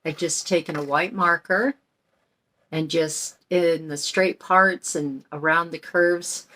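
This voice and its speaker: A woman's voice: deep voice, noisy background. A middle-aged woman hosting a crafting channel, chatting in a folksy way while she paints and explains each step. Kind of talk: casual craft tutorial talk.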